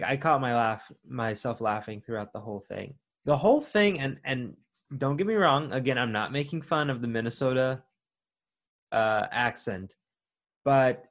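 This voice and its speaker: A man co-hosting a podcast, chatting loosely about a film with restarts and filler words. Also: medium pitch. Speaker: podcast co-host. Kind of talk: casual chat about a film.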